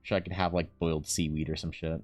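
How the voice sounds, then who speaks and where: A man's voice: extremely low pitch, level tone, quick pace, soft background music. A man chatting casually on a livestream, rambling with lots of fillers and casual swearing, reading chat and talking to his dog. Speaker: art streamer.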